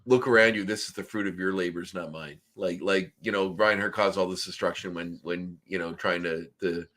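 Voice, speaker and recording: A Canadian man from Nova Scotia co-hosts a cartoon-review podcast in easygoing chat. His voice sits low, and he wanders through his points with plenty of ums, uhs and restarts. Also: fairly even intonation, normal speed, a bit bright. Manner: rambling, many fillers and restarts. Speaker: podcast co-host. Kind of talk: casual chat.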